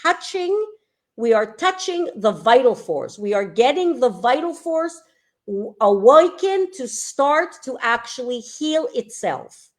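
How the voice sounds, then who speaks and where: A woman's voice: on the high side, sing-song, slow. Woman guest explaining homeopathy. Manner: explanatory, with many fillers. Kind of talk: casual interview chat.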